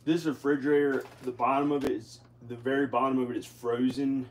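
Man, mid-pitched, rambling home vlog; halting, repeats himself; noisy recording. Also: steady tone. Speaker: vlogger. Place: home kitchen.

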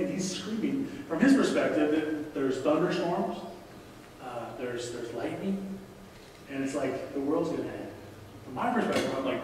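A man's voice: on the high side, moderate pace, a little mellow. A man in his forties giving a conversational sermon as a guest preacher, repeating key lines and pleading with the congregation. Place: large church sanctuary. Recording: echoey hall from far off, faint noise.

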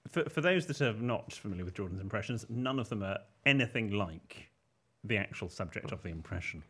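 A man's voice: on the low side, expressive, a little fast, a bit bright, husky. A man co-hosting a podcast, chatting in a dry, arch manner. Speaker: podcast co-host. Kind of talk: casual chat.

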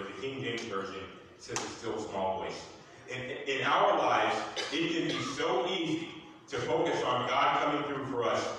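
Preacher man, bright forceful voice, repeats his lines with fervor, big echoey hall, mic kinda far. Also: medium pitch, a little hiss or hum. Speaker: minister. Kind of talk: sermon.

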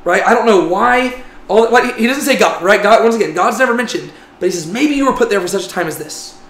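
A man's voice: high voice, expressive, fairly quick, fairly bright tone. A man teaching a Bible class in a conversational way, often checking in with "right?". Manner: conversational, frequent "right?" tags. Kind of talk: casual Bible class lecture. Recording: echoey room with faint noise.

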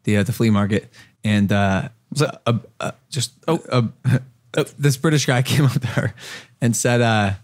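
A man's voice: mid-range voice, moderate pace. A young man from Ohio hosting a podcast, blunt and rambling, swearing often and filling gaps with "uh". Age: young adult. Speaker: podcast host. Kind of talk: casual podcast chat.

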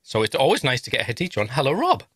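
A man's voice: medium pitch, huge pitch swings, fairly bright tone, slightly rough, no echo. A middle-aged man from northern England hosting a podcast in a jokey, teasing chat. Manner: jokey, teasing, quick asides. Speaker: podcast host. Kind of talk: casual chat.

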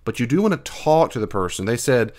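A man's voice: mid-range voice, very animated, fairly quick, a little mellow. A man hosting his own podcast, answering listener questions in a folksy, earnest, conversational way. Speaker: podcast host.

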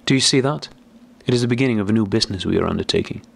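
A man's voice: lowish voice, very fast, vocal fry, slightly rough, full character voice. A man voicing a gaunt, sickly man who is angry, suspicious and abrupt, in an audiobook. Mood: agitated.

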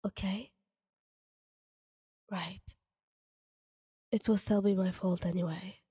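A woman voicing an apologetic, hot-tempered teenage boy hero student in a soft whisper, as whispered role-play. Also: medium pitch, fairly even intonation, takes it slowly, breathy edge, long reverb tail.

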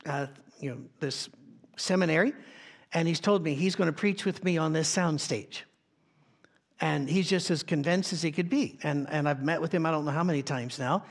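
A man preaching a sermon as pastor, telling stories conversationally and often restarting his sentences. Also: a little high. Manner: conversational storytelling with frequent restarts. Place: church sound stage.

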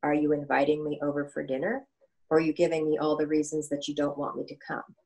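A woman voicing a courteous elderly male coach who cuts straight to the point. His voice sits low and steady, polite and blunt at once. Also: fast talker, vocal fry.

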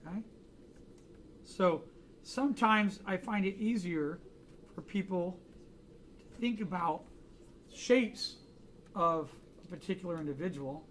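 Chatty male art teacher, higher voice. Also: slight background noise. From United States. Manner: chatty, joking anecdotes. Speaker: art instructor. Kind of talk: casual classroom demo. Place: classroom with students.

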